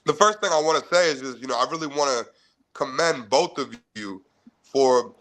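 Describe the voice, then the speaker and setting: Man host, bright forceful tone, respectful and praising. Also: mid-range voice, normal speed, poor audio. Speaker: podcast host. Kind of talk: casual chat.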